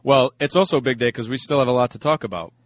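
Brief: male sports radio co-host, dry teasing banter, mid pitch, close dry sound. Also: fast talker, no echo. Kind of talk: casual sports talk.

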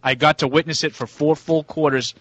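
Man, sports radio co-host, fairly high voice, dry studio sound, emphatic and exasperated. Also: fairly even intonation, fairly quick, fairly bright tone, no echo. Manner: emphatic, repeats himself, exasperated. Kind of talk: casual sports radio banter.

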